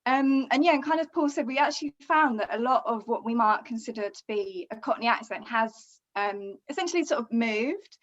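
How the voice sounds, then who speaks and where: A woman's voice: fairly high pitch, expressive, fairly quick, dull audio. Chatty Essex-raised woman lecturer on a call. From Southern Essex, England. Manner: chatty, many fillers and hedges. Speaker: university lecturer, guest. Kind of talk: casual webinar talk. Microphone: video call.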